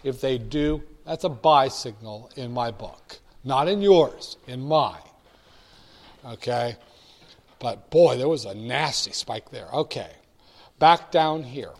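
Taking things slowly, a man in the mid-range with lively intonation chats through stock charts on a screen share. As a market commentator, he keeps it casual, with wry asides and plenty of false starts.

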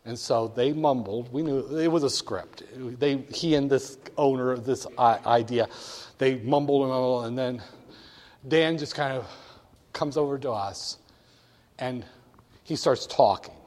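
A man's voice: medium pitch, unhurried, darkish tone. Wry older man telling a story. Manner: wry, candid storyteller acting out quoted voices. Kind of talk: storytelling anecdote. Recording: long hall reverb.

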